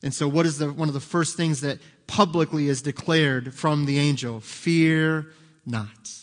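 A man preaching a sermon as pastor, emphatic, swinging from soft, quiet asides to loud, high climaxes. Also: fairly even intonation, normal speed, in a large hall.

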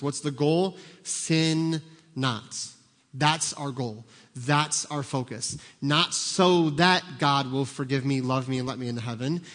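A man preaching a sermon as a pastor, animated and acting out little scenes, sometimes shouting for emphasis. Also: medium pitch. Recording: long hall reverb.

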